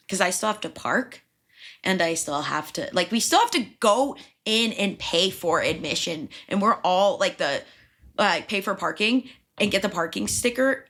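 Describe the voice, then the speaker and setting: A woman's voice: fairly low pitch, pushed and bright. A young woman hosting a podcast, telling a story in a rambling, frantic way and swearing often. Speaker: podcast host. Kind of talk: casual storytelling.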